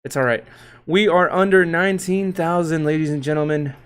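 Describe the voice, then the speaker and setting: A man with a slightly higher-than-average voice runs a casual livestream, rattling off market figures. He's loose and slangy, swearing freely and breaking into hype shouts as he reads the tickers. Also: a little fast, smooth. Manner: loose, joking, profane, slangy; hype shouts and laughs while reading tickers. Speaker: crypto livestream host.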